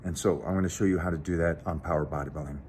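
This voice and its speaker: Earnest man pitching to viewers. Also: steady tone, very fast, a little mellow, slight background noise. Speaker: show host. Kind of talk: casual chat and direct sponsor pitch.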